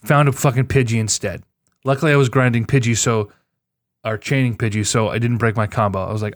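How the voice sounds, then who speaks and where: Excitable, foul-mouthed guy telling gaming stories. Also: mid-range voice, brisk, dry recording, clean studio sound. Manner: excitable, profane, storytelling. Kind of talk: casual gaming chat.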